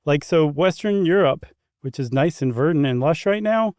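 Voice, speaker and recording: With lively intonation and a darkish tone, this fairly high-voiced man co-hosts a laid-back podcast at a moderate pace. He explains topics with chuckles and loose asides, in a dry, studio-quality recording.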